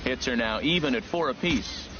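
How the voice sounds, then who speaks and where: A man doing play-by-play for a baseball video game, calling each pitch and play in a brisk, crisp manner. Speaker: play-by-play announcer. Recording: muffled game audio with background noise.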